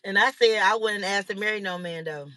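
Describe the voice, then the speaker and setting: Woman host, casual chatter with viewers, bright voice, dry close sound. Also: mid-range voice, fairly quick, dry recording. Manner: chatty, laughing, rambling with many fillers. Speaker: livestream host.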